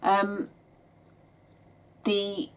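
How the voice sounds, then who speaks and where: A woman's voice: mid-range voice, monotone, drawn-out words, smooth. A tired woman giving a chatty, rambling sewing tutorial, yawning and hesitating as she explains her steps. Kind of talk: casual step-by-step craft tutorial.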